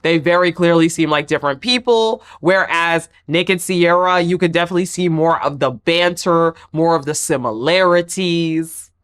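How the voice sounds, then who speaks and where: A woman's voice: on the low side, moderate pace, hardly any pauses, clean tone. A woman giving a casual, opinionated reality-show recap in a chatty, playfully dramatic way. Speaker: TV recap vlogger.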